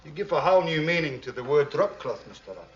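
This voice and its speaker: A man's voice: fairly high pitch, sing-song, quick pace, breathy edge. An actor playing a cool, threatening henchman with a put-on South African accent. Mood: sneering. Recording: muffled film clip with music.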